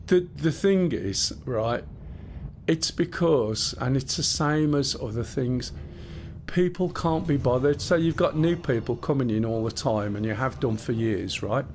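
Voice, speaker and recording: A man's voice: medium pitch, unhurried, darkish tone, slight background noise. A man casually chatting and explaining things as he live-streams a game, rambling and swearing a bit. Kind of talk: live gameplay stream chat.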